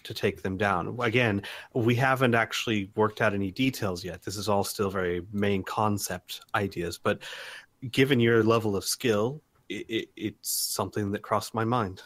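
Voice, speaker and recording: An earnest man with a fairly low voice, laying out a plan for his game group as he thinks aloud. The sound is dry and close to the mic. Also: steady tone, normal speed, dry recording. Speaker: player. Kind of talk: tabletop game chat.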